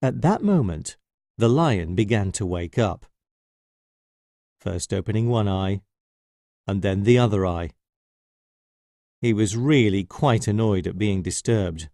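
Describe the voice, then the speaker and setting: Slow, expressive male storyteller. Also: fairly low pitch, dry recording, studio quality. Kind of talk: children's story narration.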